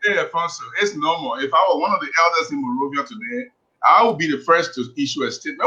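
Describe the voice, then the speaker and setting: Man, high bright voice, heated and emphatic, dull lo-fi radio sound. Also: lively intonation, fast. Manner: heated, emphatic, repeats himself. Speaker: radio talk show guest. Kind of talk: call-in radio debate.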